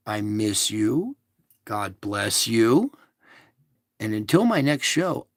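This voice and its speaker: A man hosting a casual spiritual show, talking in a slow, soothing, repetitive way to reassure his listeners. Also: medium pitch, creaky, no echo, studio quality. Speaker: show host. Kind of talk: casual spiritual livestream talk.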